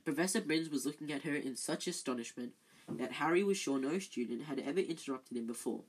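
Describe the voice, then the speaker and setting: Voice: medium pitch, fairly quick, breathy edge, low-quality recording. A reader narrating a children's novel, stumbling over words and correcting themselves. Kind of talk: amateur audiobook reading.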